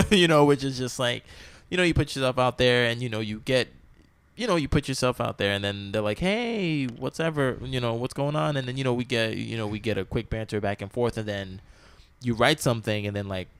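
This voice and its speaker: A man's voice: mid-range voice, fairly quick, a bit bright, smooth, no room sound. A laid-back young man co-hosting a casual podcast, his voice sitting mid-range. He laughs often and leans on "you know", and his voice sounds dry and close. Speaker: podcast co-host. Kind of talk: casual chat.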